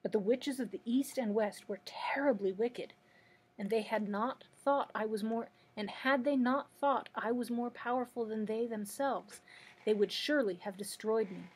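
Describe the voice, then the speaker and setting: A woman's voice: on the high side, moderate pace, husky. A woman reading aloud as an old man who is a false wizard, confessing meekly. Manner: confessing, gentle storytelling delivery. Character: old male humbug wizard, meek and apologetic.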